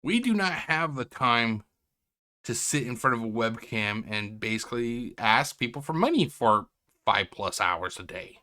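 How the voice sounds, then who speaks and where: A man's voice: mid-range voice, expressive, measured pace, bright, forceful tone. A man hosting a reaction stream from home, talking in a rambling, sarcastic, self-interrupting way. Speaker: react channel host. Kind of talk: casual commentary. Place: home, indoors.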